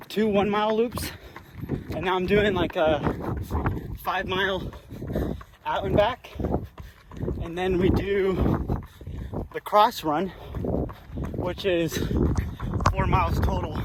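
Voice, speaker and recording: A man's voice: high-pitched, very noisy. A young man rambling and swearing in a casual vlog while running, a little out of breath, outdoors on a hilly public trail. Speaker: vlogger.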